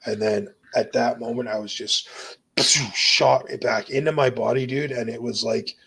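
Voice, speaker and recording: Speaking at a normal speed with fairly even intonation, this young man has a medium-pitched, fairly bright voice with vocal fry and slight roughness. As a guest, he gives an intense, earnest account of his near-death experience, casual and full of "dude" and "bro."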